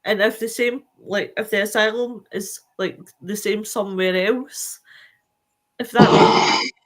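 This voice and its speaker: A tired woman hosting a casual live-stream chat, reading out viewer comments in a chatty, animated way. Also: medium pitch, a little slow. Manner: chatty and animated, with many fillers.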